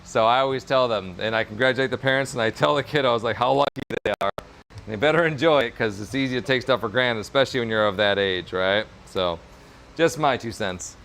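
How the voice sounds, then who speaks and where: A man's voice: medium pitch, fairly quick, gravelly, fairly bright tone. Guy doing a chill craft stream, upbeat and encouraging, rambly with lots of ums and likes, normal mid voice, bit of hiss behind. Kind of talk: casual livestream chat while crafting. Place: workshop at his business.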